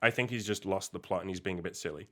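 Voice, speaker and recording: A man's voice: low-pitched, fast talker, a bit bright. A young man hosting a casual podcast monologue, reacting with exasperated, incredulous, sweary outbursts. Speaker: podcast host reacting to a post.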